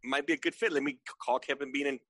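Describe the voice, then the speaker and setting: A man's voice: mid-range voice, steady tone, very fast, background noise. A man in his forties, a podcast guest, who stammers, repeats his words and keeps asking "right?" for agreement. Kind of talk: casual remote chat.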